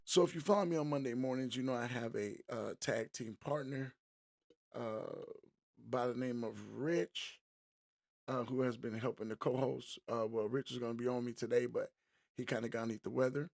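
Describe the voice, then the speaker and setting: A man's voice: mid-range voice, steady tone, moderate pace, a little mellow, no room sound, studio quality. A middle-aged man hosting a live-streamed podcast, opening the show in an upbeat, chatty way and greeting viewers by name. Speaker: podcast host.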